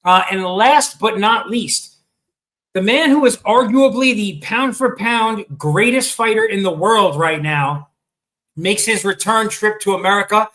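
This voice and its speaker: A man with a high, bright voice talks sports in a loose, casual way. He keeps hitting ums and restarts, and he has the hiccups. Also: a little slow, low-quality recording. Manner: chatty, hesitant with many ums and restarts. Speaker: sports show host.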